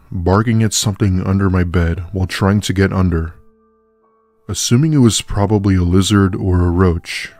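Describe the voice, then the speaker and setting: A man reading a scripted horror story aloud, his delivery measured and steady. His voice is very deep, recorded dry and close, with faint music running underneath. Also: no room sound.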